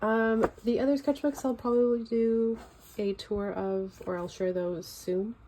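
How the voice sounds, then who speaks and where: At home with her sketchbook, a young woman with a Californian accent chats casually, loose and rambling, with lots of fillers. Her fairly high voice is steady and dark in tone, a little slow, and slight background noise is present.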